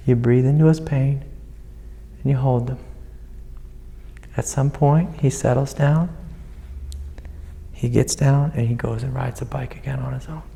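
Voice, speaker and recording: A man speaking as a spiritual teacher, guiding a student in a gentle, soothing way and calling her sweetie. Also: mid-range voice, vocal fry. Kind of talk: satsang guidance to a student. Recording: long hall reverb.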